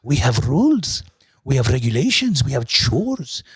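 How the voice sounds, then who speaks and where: A man putting on an older house manager with a Persian accent. He greets a newcomer in a steady, formal tone and lists the rules one at a time. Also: mid-range voice, a little slow, breathy edge, dry recording, full character voice. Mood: welcoming. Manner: calm, formal listing of rules. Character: older man running a sober living house.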